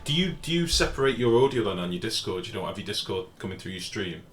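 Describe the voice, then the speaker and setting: A man's voice: lowish voice, big pitch swings, fast, fairly bright tone, faint music behind. A man, streaming a game live and chatting casually while reading out chat messages and swearing freely.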